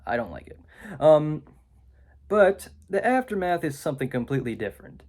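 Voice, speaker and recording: A man's voice: on the high side, very animated, normal speed, darkish tone. A man giving a rambling, sarcastic movie review indoors, full of ums and asides. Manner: sarcastic, filler-heavy with many ums. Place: indoors, room with a window.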